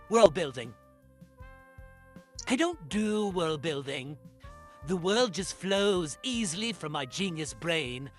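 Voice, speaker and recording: A man's voice: high voice, a bit bright. A man playing a vain, pompous bestselling novelist in a comedic mock interview, boastful and easily offended. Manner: boastful, indignant, self-important.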